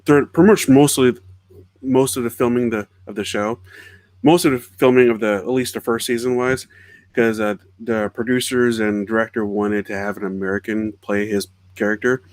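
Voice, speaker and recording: Male podcast co-host, chatty storyteller, mid-low pitch, dry close recording. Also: steady tone, normal speed, no room sound. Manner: chatty storyteller, laughs while telling anecdotes. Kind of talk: casual chat.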